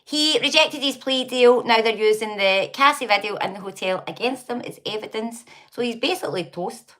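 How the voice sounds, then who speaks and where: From Scotland, a woman hosts a laid-back live chat where she greets viewers by name, reads their comments, gossips, and laughs often. Her voice is a little high and fairly bright, at a moderate pace.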